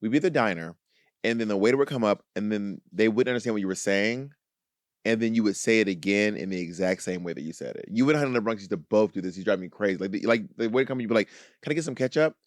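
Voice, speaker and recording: A man's voice: lowish voice, no echo, studio quality. A man co-hosting a podcast, telling stories in casual banter and acting out quotes. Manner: fast, animated storytelling with acted-out quotes. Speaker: podcast co-host.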